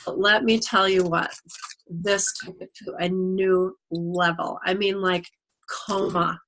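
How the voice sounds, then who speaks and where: A middle-aged woman, a product distributor, gives a casual testimonial over a video call, telling animated stories and acting out what people said. She speaks slowly in a fairly low voice.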